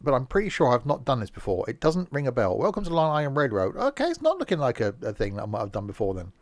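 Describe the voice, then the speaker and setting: A man's voice: mid-range voice, wildly swooping pitch, fast. Rambling, self-mocking male game streamer. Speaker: streamer playing a train simulator. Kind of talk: casual live-stream commentary.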